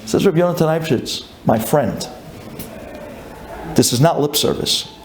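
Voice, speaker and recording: Man, rabbi, sermon, fairly high voice, lively storytelling, roomy echo. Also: unhurried, slight background noise. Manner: animated storytelling, acts out grumbling congregant, builds to shouting.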